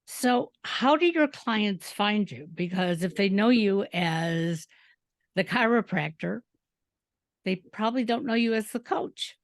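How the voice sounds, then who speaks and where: A woman's voice: medium pitch, animated, slow pace, no echo. A woman hosting a podcast interview, telling stories from her own work and acting out the dialogue as she goes. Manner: storytelling, acts out dialogue. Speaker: podcast host. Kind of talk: casual interview chat.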